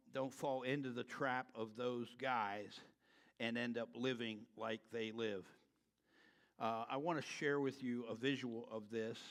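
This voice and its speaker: A man's voice: medium pitch, a bit bright. A male pastor preaching in a church. He speaks in a loose, conversational way, then rises into fervent emphasis. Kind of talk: sermon. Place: church sanctuary.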